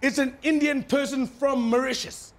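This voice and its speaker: An actor playing a cheeky, mock-serious foreign correspondent with a South African accent in a satirical news sketch, delivered deadpan. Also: male voice, very high-pitched, normal speed. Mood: wry.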